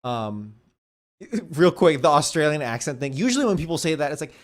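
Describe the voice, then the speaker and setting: Man, podcast co-host, casual movie chat, relaxed, joking, loose delivery. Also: a little high, fairly quick. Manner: laid-back, jokey, loose with fillers and "dude".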